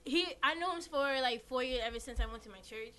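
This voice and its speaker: A woman's voice: high-pitched, fairly quick, bright, forceful tone. A teenage girl hosting a school radio show in casual chat, laughing often and trailing off mid-sentence. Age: teens. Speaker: student radio host.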